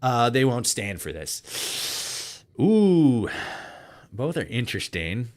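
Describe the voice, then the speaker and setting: A man's voice: mid-range voice, very animated, takes it slowly. A young man casually commenting while playing a game, swearing freely, laughing often and thinking aloud.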